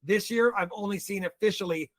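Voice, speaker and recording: An American man, a guest on a casual livestream, telling stories in an animated way. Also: high voice, a little fast. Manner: animated storyteller.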